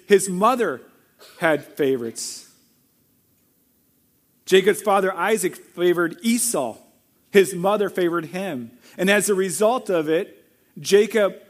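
A middle-aged man preaching a sermon as pastor, earnest and direct, now and then acting out quoted lines in a loud burst. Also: high voice.

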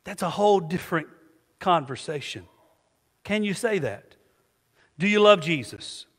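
A male pastor with a high, bright, ringing voice preaches in call-and-response style, leaving gaps for the congregation to fill in. His voice carries a long reverb tail, as if it fills a big hall. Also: lively intonation, measured pace. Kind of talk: sermon.

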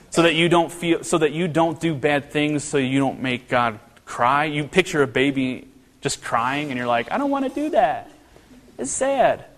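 A man preaching a sermon as a pastor, talking in a conversational way with many rhetorical questions and restarts. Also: mid-range voice. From northern Kentucky. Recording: long reverb of a hall.

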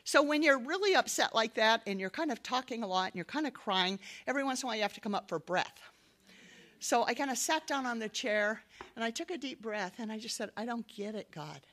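A woman's voice: on the high side, expressive, a little fast, a bit bright. A middle-aged woman giving a sermon-style personal testimony, telling her story earnestly with light laughs. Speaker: speaker giving a devotional talk.

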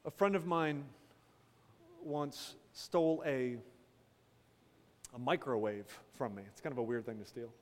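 A man, a pastor, preaching a sermon with dramatic pauses, dropping from loud to hushed and breaking into casual storytelling. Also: mid-range voice. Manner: casual storytelling with quick asides. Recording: long hall reverb.

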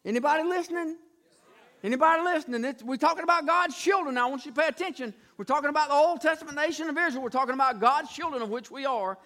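A male preacher giving an animated sermon, retelling a story with emphatic repetition. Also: extremely high pitch, fast.

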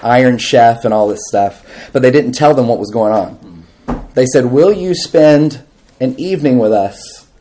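Man preaching with lively storytelling. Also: mid-range voice, slight background noise. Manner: animated storytelling with laughs and audience questions. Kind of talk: sermon to a live audience.

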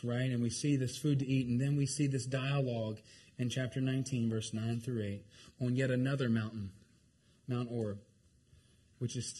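A man preaching a sermon as pastor, emphatic and repetitive, often asking the congregation if they are hearing him and swinging between loud stretches and hushed ones. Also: medium pitch, slight background noise.

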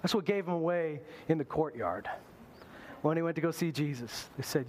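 A male pastor preaching a sermon in an animated way, acting out the voices he quotes. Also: fairly high pitch, normal speed, slight background noise.

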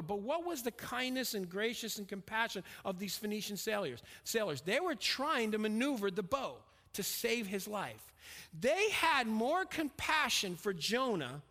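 High-voiced preacher in a reverberant hall. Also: male voice. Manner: emphatic, swings between raised and hushed delivery. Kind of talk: expository sermon on scripture. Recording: long reverb of a large hall.

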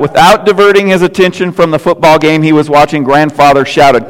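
A man's voice: fairly high pitch, steady tone, a little fast, hardly any pauses, clean tone. An older man preaching a sermon as pastor, telling folksy stories and jokes with casual asides. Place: church sanctuary. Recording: long hall reverb.

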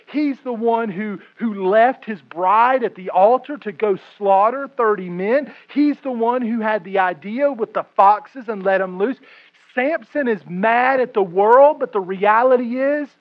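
High-voiced animated man preaching. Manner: animated, swings between hushed and loud. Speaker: pastor. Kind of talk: sermon. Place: room with a congregation. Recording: muffled lo-fi recording.

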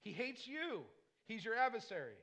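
A man's voice: very high-pitched, very animated, normal speed, pushed and bright. A man pastor delivering a sermon, emphatic and repetitive, throwing rhetorical questions at the congregation between casual, conversational asides.

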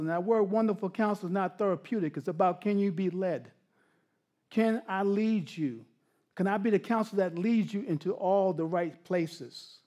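A middle-aged man preaching a sermon, telling personal stories with frequent laughter and sliding from animated bursts into hushed, intimate passages. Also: sits high, normal speed. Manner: animated storytelling that drops to hushed, intimate tones. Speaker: pastor.

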